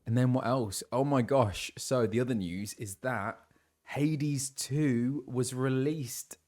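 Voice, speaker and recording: A young British man chatting casually on a live stream and greeting viewers, his voice a little low as he recovers from laryngitis. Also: slow, darkish tone. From England. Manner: chatty, reads out viewers' messages with laughs and fillers. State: recovering from laryngitis, voice lower than usual.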